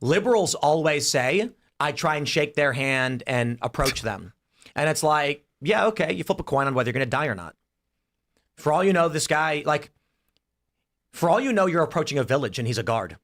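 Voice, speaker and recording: Animated male podcast host, higher voice. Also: normal speed. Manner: animated, acts out voices in hypotheticals. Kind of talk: political panel talk.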